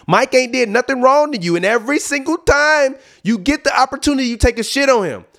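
A man hosting a sports podcast, ranting emphatically with lots of profanity and swinging between loud outbursts and low asides. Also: animated, fairly quick, gravelly. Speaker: podcast host. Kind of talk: heated sports rant.

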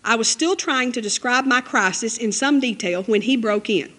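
A woman preaching a sermon and reading scripture aloud, emphatic and conversational, with her voice jumping up high on key phrases. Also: normal speed, fairly bright tone. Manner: conversational asides, 'you know'.

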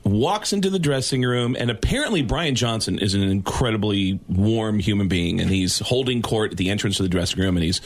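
A man's voice: brisk, hardly any pauses. A man, a guest comedian, telling a backstage story on a radio show and acting out the characters' lines. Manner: lively, acts out characters' lines with big pitch jumps.

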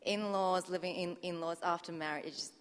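Direct woman from China, lowish voice. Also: steady tone, normal speed, slight background noise. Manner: firm, direct. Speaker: dating show contestant. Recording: echoey hall on stage.

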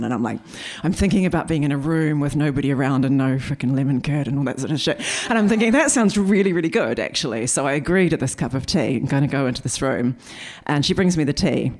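Animated woman telling a stand-up story. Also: sits low. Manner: chatty, animated, quotes others in quick asides. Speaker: stand-up comedian. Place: live comedy venue before an audience.

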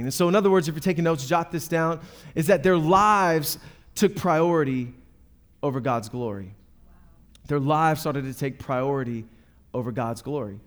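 A pastor preaching a sermon in a fairly high male voice. He speaks emphatically, repeating key words and calling out questions to the congregation between points. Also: normal speed.

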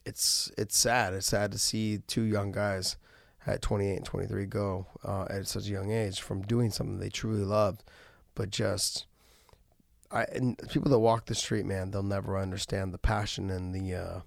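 A man's voice: fairly low pitch, vocal fry, no room sound, studio quality. A middle-aged man hosting a casual podcast, talking earnestly with many restarts and fillers. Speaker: podcast host and former fighter.

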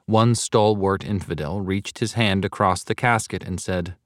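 A man giving a measured, earnest reading of a devotional sermon, slowing down to stress key points. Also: on the low side, fairly even intonation, no room sound, clean studio sound. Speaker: reader of a devotional text.

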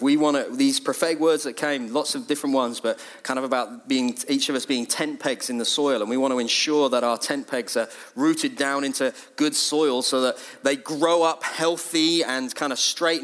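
A middle-aged man, leading his church and preaching a sermon in a lively, conversational way. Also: mid-range voice. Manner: lively, conversational, acts out quotes in a raised voice. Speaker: church leader.

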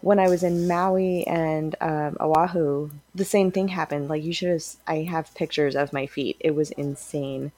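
A woman from California with a low voice rambles easily through casual podcast chat. The sound is dry and close, with no room around it. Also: steady tone, moderate pace, few pauses, darkish tone, no room sound. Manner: rambling, easygoing. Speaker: podcast co-host.

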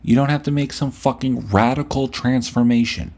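A man's voice: mid-range voice, steady tone, moderate pace, a little mellow. A male podcast host delivering a blunt, profane, scolding rant at the listener. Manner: blunt, scolding, heavy swearing.

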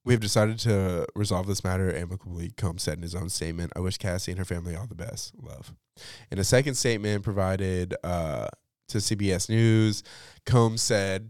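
A man's voice: sits low, normal speed, darkish tone, no echo, studio quality. A young man hosting a pop culture podcast, chatting casually with lots of fillers and cursing freely. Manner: chatty, slangy, swears freely, many fillers. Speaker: podcast host.

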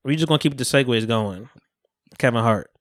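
A man co-hosting a podcast in casual chat, talking fast and animatedly, laughing and swearing as he argues his side. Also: medium pitch, no echo, studio quality. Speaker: podcast co-host.

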